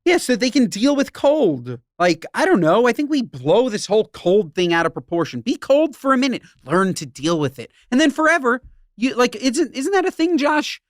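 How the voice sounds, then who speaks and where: Casting: blunt male podcast co-host, animated delivery, dry close mic. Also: extremely high pitch, moderate pace, no room sound. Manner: blunt, emphatic. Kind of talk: casual chat.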